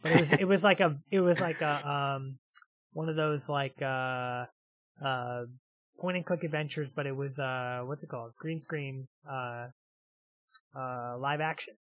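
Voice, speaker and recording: A man's voice: mid-range voice, unhurried, no echo. A man co-hosting a podcast in casual chat, rambling and trailing off with fillers. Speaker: podcast co-host.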